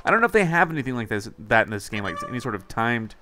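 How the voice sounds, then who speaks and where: A man's voice: medium pitch, very animated, rapid-fire, background noise. A man doing chatty let's play commentary on a mobile game, wondering aloud and talking to his viewers. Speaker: gaming YouTuber.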